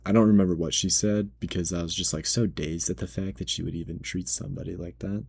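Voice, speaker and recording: Low, husky young man venting. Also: quick pace. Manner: animated, slangy, exasperated retelling. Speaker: grocery store cashier. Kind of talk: casual storytime vlog.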